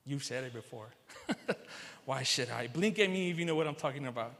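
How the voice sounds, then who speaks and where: A man's voice: fairly high pitch, lively intonation, moderate pace, a bit bright. A male pastor preaching a sermon to his congregation, repeating key phrases for emphasis and speaking to them directly. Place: large church sanctuary. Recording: long hall reverb.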